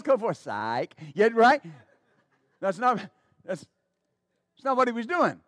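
Male pastor, very high voice, fervent sermon delivery with restarts, dry close recording. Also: fairly bright tone, no room sound. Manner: fervent, exclaiming praise, stammering restarts.

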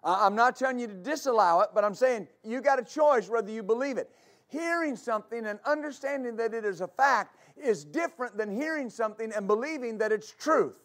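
A man's voice: very high voice, lively intonation, a little fast, a bit bright. A man preaching a sermon as pastor, fervent and repetitive, stammering on restarts and calling for answers from the congregation. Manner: call-and-response with congregation.

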